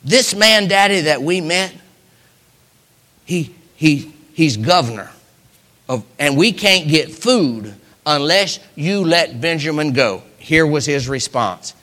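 A man preaching a sermon, acting out Bible characters with big swings from loud lines to whispers. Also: fairly high pitch, expressive, slow pace, in a large hall.

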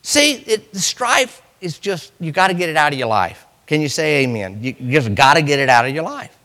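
A man preaching a sermon in a church, swinging from loud cries to hushed lines. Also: a little high, sing-song, normal speed, long reverb tail.

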